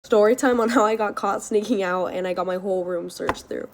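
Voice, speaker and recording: Animated young woman swearing through a story. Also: medium pitch, a little fast, a little hiss or hum. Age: young adult. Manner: animated, swears a lot, acts out shouts. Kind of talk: casual story time.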